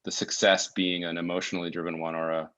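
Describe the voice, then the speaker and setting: A man's voice: low-pitched, flat delivery, fast, fairly bright tone, clean tone, rough recording. A man talking as a podcast guest, thinking aloud in a casual way, restarting his sentences often as he searches for words. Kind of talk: casual conversational interview. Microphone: remote call mic.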